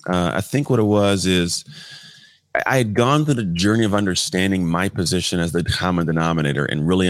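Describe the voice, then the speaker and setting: Man, 30s, interview guest; low voice, dry close sound, candid and blunt. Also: dry recording. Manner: blunt, conversational, occasional mild swearing. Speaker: podcast guest.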